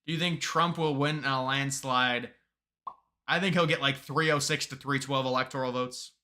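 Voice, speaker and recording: A man's voice: mid-range voice, steady tone, normal speed, bright, forceful tone. A man hosting a live stream, chatting casually with viewers and reading their comments aloud, often restarting his sentences. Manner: rambling, restarts sentences, reads chat aloud.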